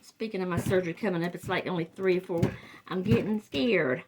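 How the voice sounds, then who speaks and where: Over background noise, a fairly low-pitched, quick-talking older Southern woman from the Carolinas chats through making a wreath. Her casual crafting talk rambles, often trailing off and starting again.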